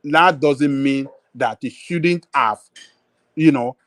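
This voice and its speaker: A man's voice: mid-range voice, takes it slowly, fairly bright tone, dry recording. Insistent Nigerian man in heated debate. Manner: insistent, hesitant, mixes in Pidgin. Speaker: panelist.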